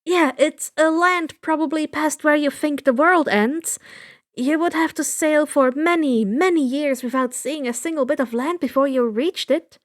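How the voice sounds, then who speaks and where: A woman voicing an excitable young female demigod in a fan fiction reading, eager and full of questions. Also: high voice, normal speed, dry recording, studio quality, voice pushed up, natural voice. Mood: excited.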